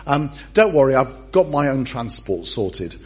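A man's voice: mid-range voice, sing-song, measured pace, husky. A preacher voicing a leader casually ordering his friends into a boat, offhand and breezy. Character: cheerful man giving casual orders to friends.

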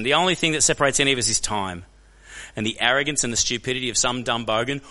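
An Australian man telling stories as a guest speaker to a church crowd, animated and joking, often putting questions to the audience. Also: mid-range voice, quick pace. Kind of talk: energetic storytelling talk to a church audience. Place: church hall.

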